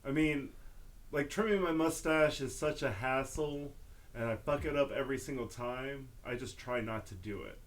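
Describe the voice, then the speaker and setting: A man co-hosting a podcast, chatting in a relaxed and self-deprecating way. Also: medium pitch, moderate pace. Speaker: podcast co-host. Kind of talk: casual chat.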